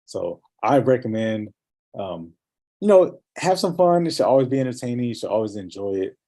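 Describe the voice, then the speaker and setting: A man's voice: mid-range voice, very animated, normal speed, dark tone. A man in a casual coaching chat, talking with energy and emphasis.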